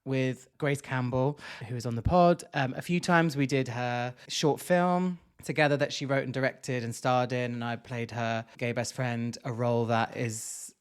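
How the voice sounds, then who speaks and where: A man's voice: mid-range voice, fairly even intonation, moderate pace, few pauses, clean tone. A man co-hosting a podcast, talking casually and playfully, laughing often. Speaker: podcast co-host.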